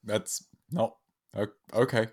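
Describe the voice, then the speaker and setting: Male co-host, low voice, sarcastic, swears, wry asides. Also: steady tone, takes it slowly, a little mellow. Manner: sarcastic, swears, laughs at his own jokes. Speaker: podcast co-host. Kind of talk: casual chat.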